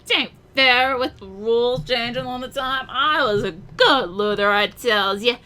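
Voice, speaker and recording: A woman's voice: high-pitched, sing-song, measured pace, pushed and bright, pitched above the performer's own voice, exaggerated voice. A woman voicing a grumbling drunk male sailor in a slurred drunk accent.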